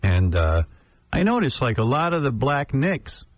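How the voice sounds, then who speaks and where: A man's voice: medium pitch, a little slow, a little hiss or hum. Radio host guy telling a story, acts out the quotes, kinda muffled broadcast sound. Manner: animated storyteller who acts out other people's lines. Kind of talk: casual talk radio banter.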